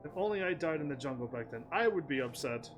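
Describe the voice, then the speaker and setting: A man's voice: on the high side, expressive, quick pace. A man casually commentating while playing a game, reading the dialogue aloud, often laughing and playful. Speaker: gaming streamer. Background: game music.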